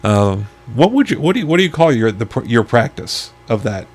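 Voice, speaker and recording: A man's voice: medium pitch, big pitch swings, a little fast. A man hosting a casual podcast interview, stammering and restarting as he asks questions. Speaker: podcast host.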